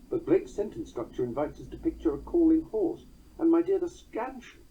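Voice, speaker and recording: A man's voice: on the high side, big pitch swings, dark tone, breathy edge. Wry man reading on poetry, dull lo-fi. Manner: dry, wry, precise; recites quoted verse slowly. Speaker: narrator reading a book on poetry. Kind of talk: reading aloud a book on verse. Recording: dull lo-fi sound.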